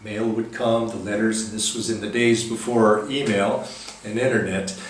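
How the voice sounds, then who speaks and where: Man giving a spiritual talk, slow halting storyteller, lots of uh's, far off mic in a big echoey hall. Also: lowish voice, fairly even intonation, slight background noise. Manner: gentle, halting storyteller with many pauses and fillers. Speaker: spiritual teacher.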